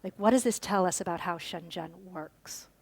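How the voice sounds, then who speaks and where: A woman's voice: on the low side, moderate pace. A woman giving a conference lecture, telling a story and then explaining it, with fillers and restarts. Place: lecture hall.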